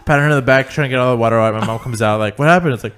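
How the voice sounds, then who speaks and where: Young guy, podcast co-host, laid-back joking storyteller, middle pitch. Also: fairly even intonation, very fast, a bit bright, clear, resonant tone. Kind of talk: casual storytelling chat.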